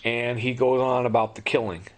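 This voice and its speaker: A man's voice: medium pitch, fairly even intonation, moderate pace, noisy background. A middle-aged man telling his own story in an impassioned monologue, urgent and pleading, repeating himself and appealing straight to the listener.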